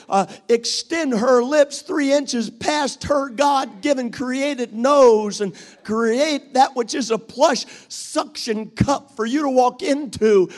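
A male preacher delivering a dramatic sermon, acting out quoted voices and swinging from loud to hushed. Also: very high-pitched.

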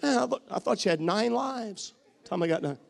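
A man preaching a sermon, bantering with the congregation, repeating phrases for emphasis and sometimes shouting. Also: sits high, expressive, moderate pace, vocal fry.

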